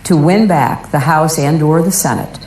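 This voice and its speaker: A woman's voice: deep voice, moderate pace, darkish tone, a little hiss or hum. A woman politician speaking emphatically in a played speech clip. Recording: roomy archive clip.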